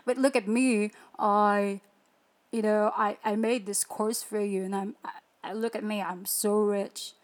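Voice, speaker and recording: A show-off online money guru brags about his riches, tripping over his own words as he boasts, as a woman mocks him. The voice keeps a middle pitch. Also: steady tone, unhurried, natural voice. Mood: boastful. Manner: bragging, stumbling mockery.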